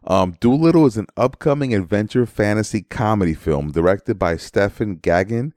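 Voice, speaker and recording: A man's voice: on the low side, animated, normal speed, a little mellow, no room sound, studio quality. A man co-hosting a podcast, reading out film details in a matter-of-fact way. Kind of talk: casual chat, reading notes.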